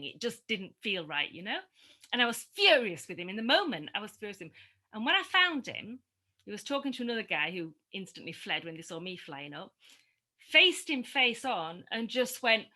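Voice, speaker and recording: A middle-aged woman telling a reflective personal story in a group conversation, animated and often laughing. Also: a little high. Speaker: community discussion participant.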